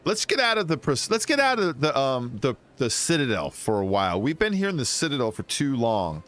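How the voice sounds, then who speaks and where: A man's voice: mid-range voice, big pitch swings, brisk, fairly bright tone. A man casually commenting on a video game as he plays, chatty and rambling. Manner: chatty and rambling, with frequent fillers and laughs. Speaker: gaming streamer. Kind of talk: casual let's-play commentary.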